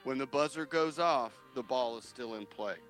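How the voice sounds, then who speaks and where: A man co-hosting a casual podcast who makes wisecracks in a lively way. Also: medium pitch, moderate pace, soft background music. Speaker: podcast co-host. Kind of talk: casual chat.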